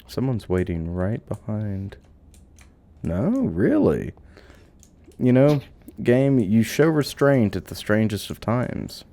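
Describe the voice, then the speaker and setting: Guy doing let's play commentary, low voice, all over the place pitch-wise, jokey and loud at times. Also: takes it slowly. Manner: animated, exclaiming and joking. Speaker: game commentator.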